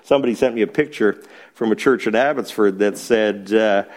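A man's voice: lowish voice, fairly quick. A man teaching a Bible study to a small group in a church, chuckling often and asking rhetorical questions and then answering them.

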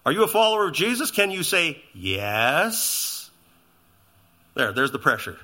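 Animated, bright-voiced male pastor preaching. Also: a little high, a little slow. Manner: conversational, animated preaching with asides to the congregation. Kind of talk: sermon.

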